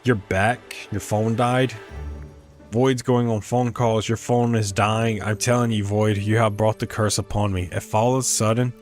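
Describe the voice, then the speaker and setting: A man with a lowish, flat voice streams a life-sim game a little slowly, faint music behind him. His casual let's play commentary rambles as he muses aloud and trips over words while attempting pronunciations.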